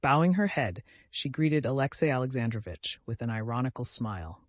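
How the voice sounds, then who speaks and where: A man reading an audiobook in a steady, even storytelling manner. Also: medium pitch, fairly quick, no echo. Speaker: audiobook narrator. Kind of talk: scripted narration.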